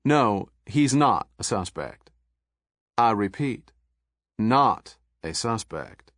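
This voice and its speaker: A man voicing a suave federal agent with a Southern accent, smooth, pleasant and coolly polite. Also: mid-range voice, lively intonation, measured pace, dry recording, studio quality.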